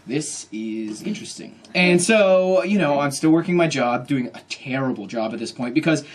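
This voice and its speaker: A man in his thirties telling a comic story to a bookstore audience, quick and laughing often, acting out the people he quotes. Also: fairly high pitch, a loud crowd. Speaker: author giving a bookstore talk. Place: bookstore event.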